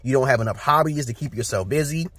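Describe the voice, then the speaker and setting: A man's voice: mid-range voice, fast talker, fairly bright tone, slightly rough, no room sound. A man in his forties from Brooklyn with a New York accent, ranting bluntly and profanely in a casual, preachy vlog to his viewers. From Brooklyn, New York, USA. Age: 40s. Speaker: vlogger. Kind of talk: casual rant to camera.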